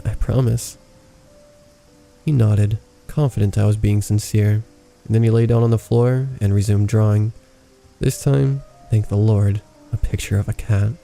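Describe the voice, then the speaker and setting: A man reading a horror story aloud as narrator, in a calm, measured way. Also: on the low side, vocal fry, soft background music. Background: faint rain ambience.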